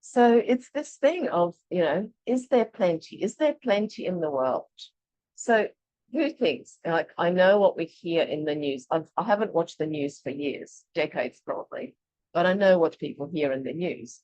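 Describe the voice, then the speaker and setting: A woman from Eastern Europe leading an online workshop, talking in a chatty, animated way and laughing often. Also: lowish voice, moderate pace, no echo, dull audio. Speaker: workshop leader. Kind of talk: casual online workshop teaching.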